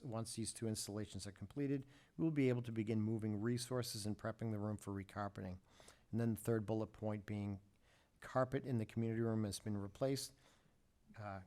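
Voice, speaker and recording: Low-voiced man chairing a meeting. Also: a little mellow. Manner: measured, halting with many fillers. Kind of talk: formal public meeting.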